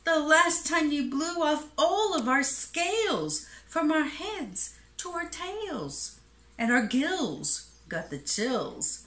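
Fretting little fish, lady doing the voice, high and bright, echoey. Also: sing-song, slow pace, exaggerated voice. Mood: pleading. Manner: pleading. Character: worried school of fish, thin-skinned. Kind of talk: storybook read-aloud. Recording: echoey room.

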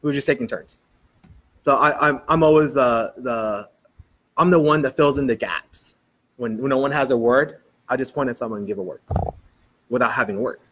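A man's voice: mid-range voice, normal speed, a little hiss or hum. A male pastor preaching a sermon in a church, telling stories and acting out what people said. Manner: animated storytelling, quoting people in dialogue.

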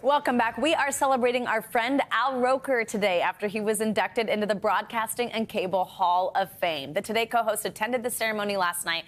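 A woman's voice: mid-range voice, steady tone, fairly quick, few pauses. A woman presenting morning news in an upbeat, friendly way. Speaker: news anchor.

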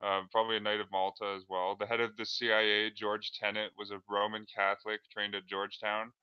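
A man giving casual commentary over a screen share, halting and full of "like" and "uh". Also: fairly low pitch, completely flat delivery, smooth, lo-fi sound. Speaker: video creator.

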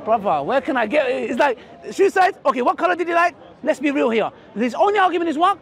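Guy arguing in a park, high lively voice, crowd murmuring behind. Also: gravelly. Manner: mocking, rapid, emphatic, addresses the crowd. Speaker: street debater. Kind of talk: heated outdoor debate. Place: busy outdoor park with a crowd. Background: crowd chatter.

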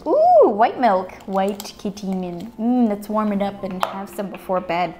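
A woman's voice: mid-range voice, very animated, a little slow, dark tone, a little hiss or hum. A woman hosting a playful toy unboxing, cracking puns and making little sound effects and animal noises as she goes.

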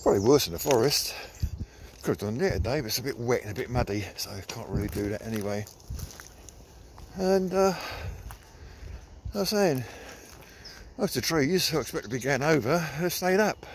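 An Englishman, a vlogger walking his dog, gives a casual running commentary outdoors in countryside with old trees. He's chatty, coaxing the dog along in a sing-song voice, speaking a little fast in an animated mid-range voice. Slight background noise is audible.

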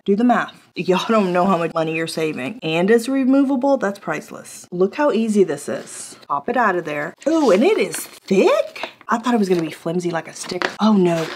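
Woman vlogger, bubbly and chatty, excitable product reviewer with an ordinary middle pitch. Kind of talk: casual product review vlog.

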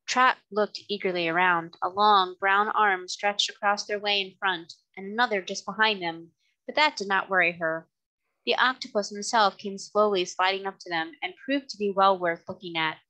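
Woman reading a storybook aloud, bright clear voice, expressive. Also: medium pitch, normal speed, low-quality recording. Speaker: reader. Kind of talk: storybook narration.

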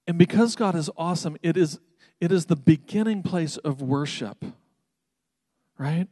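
A man delivers a sermon in a fairly high voice. He reads scripture with building intensity, then shifts into a relaxed, conversational teaching tone. The sound is dry and close, with little room echo. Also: moderate pace. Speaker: pastor.

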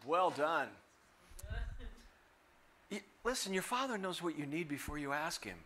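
An older man preaching a sermon as a guest speaker, animated and humorous, acting out the voices he quotes. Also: a little high, a little slow, very noisy.

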